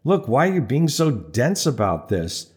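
A man's voice: mid-range voice, sing-song, measured pace. A man voicing a pushy young man who insists on rescuing a stranger, wheedling and insistent.

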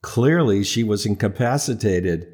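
A man's voice: fairly low pitch, lively intonation, unhurried, darkish tone. A man narrating a comic story in a wry, dryly humorous manner. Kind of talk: audiobook narration.

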